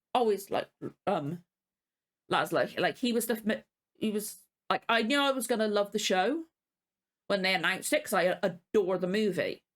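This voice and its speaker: A woman's voice: mid-range voice, fairly bright tone. A woman, teary and emotional, rambling and gushing with many restarts as she hosts a reaction vlog. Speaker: reaction channel host. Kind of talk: casual reaction vlog chat.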